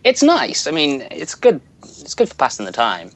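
A man's voice: fairly high pitch, wildly swooping pitch, moderate pace, fairly bright tone. A young man chatting casually about video games, rambling and laughing often as he searches for words. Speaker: podcast co-host.

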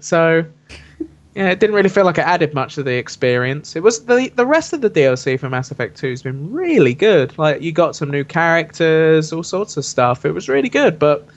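Host for a casual gaming podcast, relaxed man, a bit higher voice, muffled lo-fi sound. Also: moderate pace. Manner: relaxed, steers the conversation. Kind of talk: casual chat about video games. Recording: dull lo-fi recording.

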